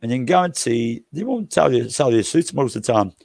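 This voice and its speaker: A man's voice: medium pitch, animated, quick pace, creaky, darkish tone. An older man hosting a livestream, telling rambling, jokey anecdotes and swearing freely. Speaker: livestream host.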